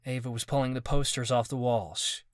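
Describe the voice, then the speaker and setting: A man narrating a first-person fantasy audiobook in a steady, measured way. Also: mid-range voice, no echo, studio quality.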